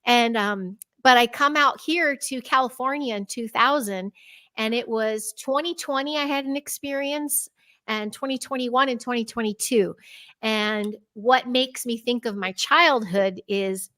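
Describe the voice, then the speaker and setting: A woman's voice: on the high side, a little slow, no echo, clean studio sound. A woman in her thirties, a podcast guest, animatedly telling personal stories with frequent laughs and acted-out quotes. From United States. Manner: animated, laughing often, acts out her own quoted lines. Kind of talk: conversational storytelling.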